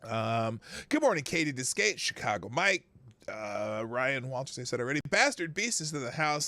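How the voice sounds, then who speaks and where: A man's voice: mid-range voice, sing-song, moderate pace, sharp tone, no echo. A man hosting a live stream, greeting chat viewers by name in a chatty, rambling way and chuckling to himself. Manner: chatty, laughs to himself, reads names off chat. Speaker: livestream host.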